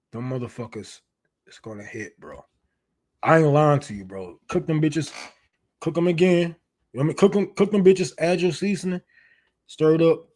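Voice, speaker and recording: A man's voice: fairly high pitch, a little mellow. Loose, profane man chatting on a livestream. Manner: loose, profane, laughing often. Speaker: livestream host. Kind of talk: casual livestream chat.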